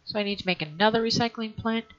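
A woman's voice: fairly high pitch, fast talker, faint music behind. A woman hosting a let's play, thinking aloud in a hesitant way and often trailing off mid-sentence. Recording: dull lo-fi recording.

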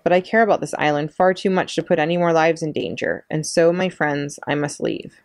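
A gentle, battered female robot from a storybook, speaking in a measured, earnest tone, as a woman reads her part aloud. The voice sits low with a gravelly edge, and the sound is close and dry. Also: no room sound. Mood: calm, earnest.

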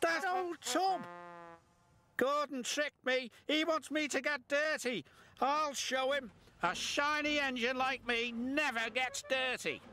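A man's voice: very high-pitched, sing-song, slow pace, sharp tone, voice pushed up, heavily acted. James, a vain proud engine , as a man puts him on. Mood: furious. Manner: boastful, haughty. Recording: music playing behind.

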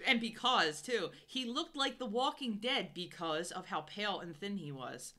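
A woman's voice: mid-range voice, expressive, moderate pace, sharp tone. A woman streamer reading a bad novel aloud with joking commentary, often giggling between passages. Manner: reads steadily, breaking into giggles.

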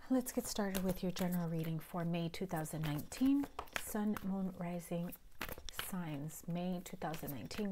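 Hoarse woman giving a casual tarot reading. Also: fairly low pitch, mellow. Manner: chatty, often drops to a breathy half-whisper; frequent throat clearing. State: hoarse, recovering from illness. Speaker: tarot reader.

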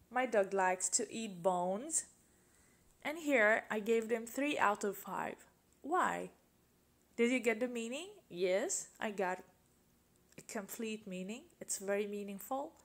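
A woman's voice: medium pitch, expressive, slow. A woman teaching an English grammar lesson, patiently asking questions and repeating example sentences.

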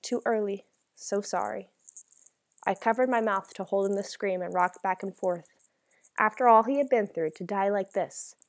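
A woman's voice: mid-range voice, normal speed. A woman narrating a first-person novel as an audiobook, reading in a dramatic, emotional way.

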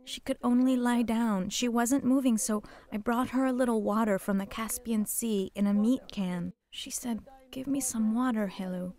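An older woman whose first language is Polish, giving a halting, emotional personal testimony as a survivor. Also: on the high side, steady tone, darkish tone. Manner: emotional, halting storytelling, repeating words.

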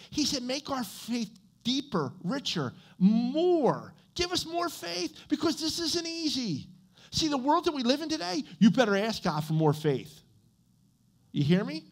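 Guy pastor preaching, chatty, keeps asking okay? right?, voice bouncing all over. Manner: conversational preaching with frequent "okay?" and "right?" checks; animated, with swings in pitch and loudness. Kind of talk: sermon. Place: church.

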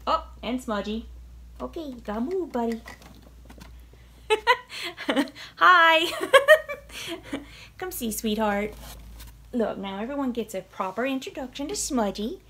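A woman's voice: on the high side, expressive, takes it slowly, long pauses, sharp tone, breathy edge. A young woman chatting through an unboxing at home, gushing and giggling, cooing and whispering to her cats. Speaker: vlogger unboxing a subscription box. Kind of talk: casual unboxing vlog chatter.

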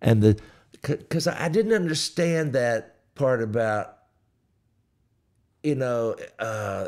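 A middle-aged man with a Texan accent, hoarse, hosting a folksy, joking livestream chat between hymns and reading viewer comments aloud. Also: medium pitch, expressive, unhurried, darkish tone. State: hoarse, dry mouth. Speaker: gospel singer and livestream host. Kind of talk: casual livestream chat with hymn singing.

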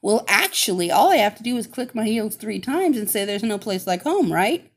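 Woman doing a young girl heroine, storybook, polite, puzzled, higher voice, swooping pitch. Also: very animated, moderate pace.

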